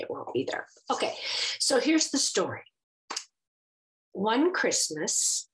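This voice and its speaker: A middle-aged woman telling a story to children, animated and expressive, acting out the voices. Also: lowish voice, low-quality recording. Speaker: children's story time host.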